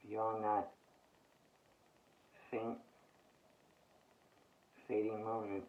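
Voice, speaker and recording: A man speaking a reflective monologue in a halting way, with long pauses between phrases, on dull lo-fi audio with faint background ambience. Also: lowish voice, completely flat delivery.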